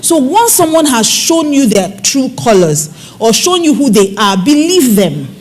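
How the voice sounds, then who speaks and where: A woman with a fairly high voice gives a preaching-style talk on relationships. She tells her stories expressively, her pitch jumping as she brings each moment to life. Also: measured pace, a little hiss or hum. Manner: expressive storyteller, swings pitch and acts out quoted people. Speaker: infidelity recovery counselor speaking on marriage.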